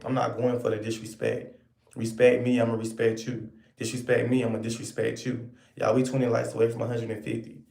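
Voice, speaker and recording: A man rants at his viewers in a sassy, scolding way, circling back to the same points again and again. His voice is gravelly and mellow. The sound carries the echo of a bare room. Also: medium pitch. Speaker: online commentator. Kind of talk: ranting commentary to viewers.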